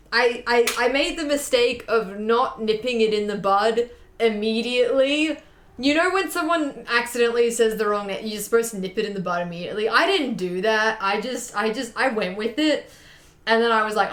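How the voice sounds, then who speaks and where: A woman's voice: medium pitch, fairly bright tone. Chatty young woman in an echoey room. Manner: rambling, chatty, with fillers and repeats. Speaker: streamer chatting with viewers. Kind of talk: casual chat.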